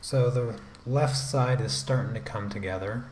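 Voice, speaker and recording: A man, the artist and host of his channel, giving relaxed running commentary while he draws. He rambles to himself, trips over restarts and drops self-deprecating asides, as if at his desk at home. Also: mid-range voice, measured pace, slight background noise. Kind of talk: casual running commentary while drawing on a livestream.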